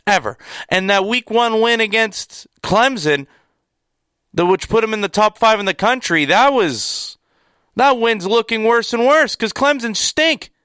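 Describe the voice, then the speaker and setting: A man's voice: high voice, expressive, unhurried, bright, forceful tone, clean tone, dry recording, clean studio sound. A young man giving an opinionated sports recap, emphatic and exasperated, repeating words to drive home his points. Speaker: sports commentator.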